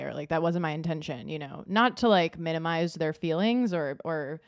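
A woman with a very low voice, recorded dry and close, talking about herself in a hesitant, filler-heavy way. Her voice often drops and trails off. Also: lively intonation, moderate pace, no echo. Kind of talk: casual podcast chat.

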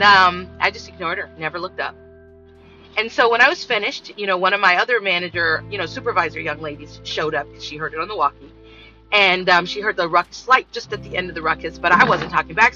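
A woman's voice: lowish voice, fairly quick. A woman telling a story from work in a casual monologue and acting out the voices of the people in it. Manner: animated, acts out voices in her story. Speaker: vlogger. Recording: dull lo-fi sound with faint music.

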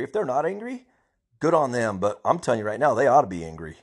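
Angry husky-voiced police officer ranting. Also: male voice, mid-range voice, big pitch swings, fast. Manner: angry, emphatic, repeats himself. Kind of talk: personal podcast rant.

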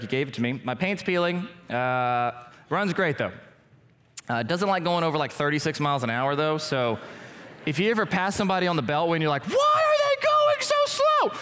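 A young adult male pastor giving a casual, joking sermon in a church hall. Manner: casual, joking preacher, lively swings in pitch. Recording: echoey church hall with music.

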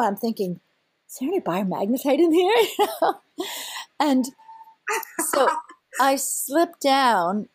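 A middle-aged woman tells a story with real excitement, breaking into laughter and playful quoted voices. Her voice sits a little high, and the sound is dry and close. She talks as a seasoned whale researcher. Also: dry recording. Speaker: whale researcher and boat operator. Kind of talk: animated storytelling in a conversation.

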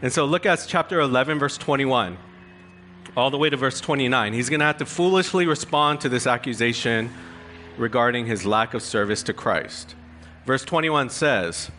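A man's voice: medium pitch, moderate pace, pushed and bright. A man preaching a sermon, reading scripture aloud with emphatic, rising stress. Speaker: pastor.

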